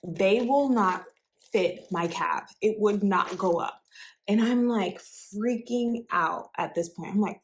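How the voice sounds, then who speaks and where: A woman chatting through a casual storytelling unboxing vlog in an excitable, conversational way. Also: mid-range voice, slow pace. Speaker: fashion vlogger.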